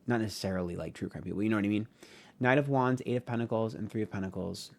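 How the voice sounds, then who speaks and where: Lowish-voiced man doing a rambling tarot reading. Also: fast talker, gravelly. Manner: rambling, frank and profane, with many fillers. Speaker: tarot reader. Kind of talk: casual tarot reading monologue.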